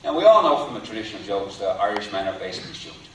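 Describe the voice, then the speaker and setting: A man giving a university lecture, delivering jokes with deliberate, wry timing. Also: on the low side, sing-song, fairly bright tone, a little hiss or hum. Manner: wry, deliberate, builds to punchlines. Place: lecture hall. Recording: echoey hall from far off.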